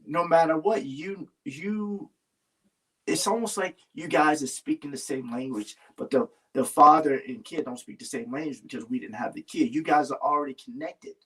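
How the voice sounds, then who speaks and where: A man's voice: a little high, fairly bright tone, breathy edge. A man talking earnestly in a casual heartfelt conversation, rambling and restarting his sentences. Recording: voice a little far from the mic.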